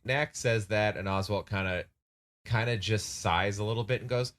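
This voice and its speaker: A man's voice: on the low side, normal speed, a bit bright. A laid-back man playing a tabletop game. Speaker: player.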